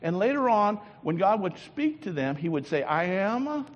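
A man preaches a sermon in a slightly high, animated voice that leaps from ringing exclamations down to hushed, intense murmurs. He keeps asking the congregation rhetorical questions. A long reverb hangs in the church hall around him. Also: normal speed, lo-fi sound. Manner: emphatic, swings from loud exclamations to low intense murmurs.

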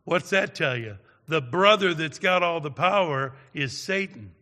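A male preacher tells his story in a slow, deliberate sermon, his somewhat high voice bright and forceful. He leans on dramatic pauses and keeps checking in with his listeners. Long reverb hangs behind him in a large hall. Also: expressive. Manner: dramatic storyteller, tags lines with "all right?".

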